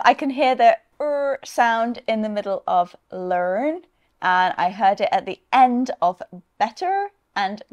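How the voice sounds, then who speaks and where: A woman from the north of England with a Northern English accent, teaching pronunciation slowly and carefully. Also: mid-range voice. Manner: slow, careful, modelling sounds clearly. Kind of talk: scripted lesson dialogue.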